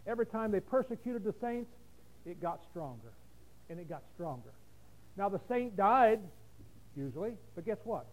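A man's voice: high-pitched, a little mellow, rough recording. A man delivers a sermon. He preaches conversationally, leaning on rhetorical questions to his listeners.

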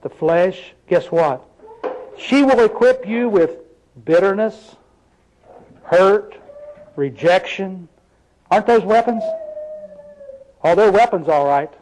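A man's voice: high-pitched, a little mellow, low-quality recording. A man preaching a sermon, reading scripture aloud and pressing the congregation with rhetorical questions.

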